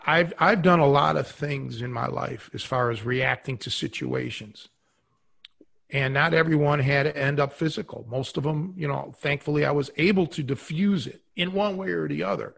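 A man's voice: fairly high pitch, gravelly, breathy edge. A man co-hosting a podcast, talking casually with many fillers and giving earnest advice. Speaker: podcast co-host.

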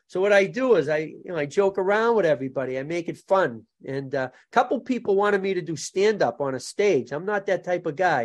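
A man, a jujutsu instructor telling funny stories in a casual podcast chat. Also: fairly high pitch. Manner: jokey storyteller, laughs at his own stories.

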